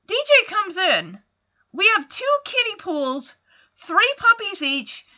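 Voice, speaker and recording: Woman, casual show recap, chatty, amused asides, high and bright, slightly muffled audio. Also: big pitch swings, slow pace. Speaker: TV episode recapper.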